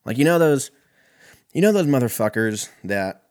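A young man from California telling a profane, animated stand-up story. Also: mid-range voice, normal speed, no echo, studio quality. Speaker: comedian.

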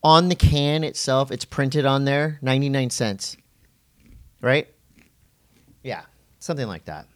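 A man's voice: medium pitch, a little slow, pauses often. A man co-hosting a podcast, teasing and joking in off-the-cuff banter. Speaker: podcast co-host.

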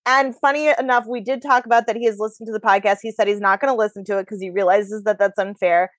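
A woman's voice: mid-range voice, fairly even intonation, fast talker, no room sound. A woman hosting a podcast, chatting frankly and casually about her dating life. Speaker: podcast host. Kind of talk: casual chat. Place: New York.

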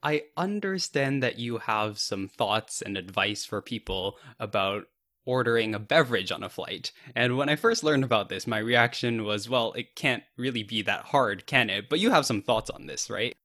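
A man hosting a podcast, asking his guest questions in a measured, polite way. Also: mid-range voice, animated, bright, forceful tone. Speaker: podcast host. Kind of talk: interview questions.

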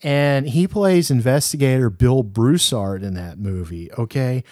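A man co-hosting a podcast, talking in a chatty, animated, jokey way. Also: mid-range voice, measured pace, no room sound, clean studio sound. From Louisiana. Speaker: podcast co-host. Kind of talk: casual chat.

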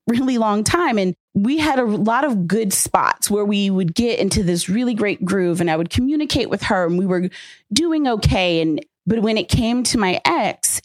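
A woman's voice: medium pitch, no echo. Candid woman telling a story. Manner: candid, animated storytelling with many fillers. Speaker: podcast guest. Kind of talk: casual chat.

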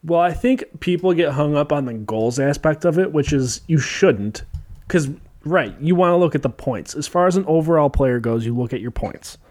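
A man's voice: on the high side, animated, normal speed, darkish tone. A young man co-hosting a casual sports podcast. His talk is laid-back and full of joking, profane banter. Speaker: podcast co-host.

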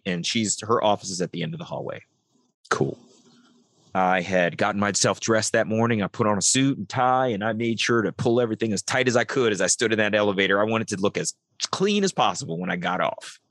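A man's voice: on the low side, a bit bright, no room sound. A middle-aged man, a podcast guest, telling a personal story and acting out the dialogue in it. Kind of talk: storytelling interview.

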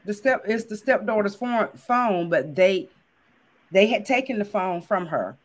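A woman's voice: mid-range voice, animated, unhurried. Co-host, woman, earnest and insistent, casual chat.

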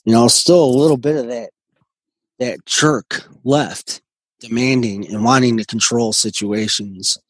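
A man in his forties, a guest telling his recovery story in a halting, earnest way with many restarts. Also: medium pitch, fairly even intonation, dry recording, rough recording. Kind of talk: personal recovery story in conversation.

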